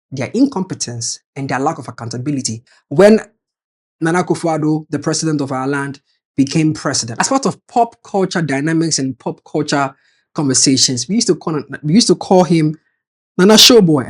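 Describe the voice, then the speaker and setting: An animated man talks through online comments in a casual, sarcastic vlog commentary. He jumps between loud jabs and quiet asides. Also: high-pitched. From Ghana. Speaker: media personality.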